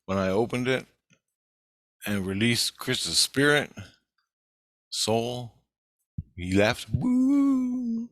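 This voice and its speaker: Man, low voice, dry close sound, swearing a lot, agitated rambling update. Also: slow pace, pauses often, sharp tone, no echo. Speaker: vlogger. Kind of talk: rambling spiritual video update.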